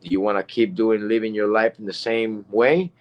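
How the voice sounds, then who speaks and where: A man's voice: lowish voice, steady tone, moderate pace, highs cut off, slight background noise. Guy rambling thru a motivational talk, pushy, keeps repeating stuff. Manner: rambling, emphatic, repeats himself. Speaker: guest speaker.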